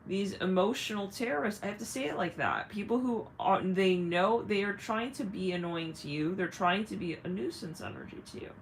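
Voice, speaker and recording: A woman's voice: mid-range voice, a little fast, hardly any pauses, slight background noise, poor audio. A woman doing a live psychic reading, talking frankly and bluntly, laughing often and swearing at times. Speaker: psychic reader. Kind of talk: live-stream spiritual reading.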